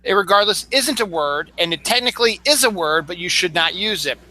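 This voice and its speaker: Very bright, high-voiced man. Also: expressive, a little fast, poor audio. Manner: chatty, explanatory. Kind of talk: casual pronunciation chat.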